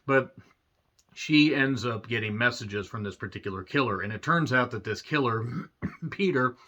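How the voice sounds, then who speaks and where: A man giving a casual, rambling film review, swearing freely and clearing his throat often. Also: mid-range voice, lively intonation, normal speed, pushed and bright. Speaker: movie reviewer. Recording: dull lo-fi recording.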